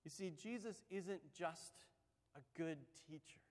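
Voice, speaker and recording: A man's voice: sits high, unhurried. A man preaching a sermon as pastor, talking conversationally and acting out the story's voices with energy. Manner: conversational, animated storytelling with acted-out quotes. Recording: long hall reverb.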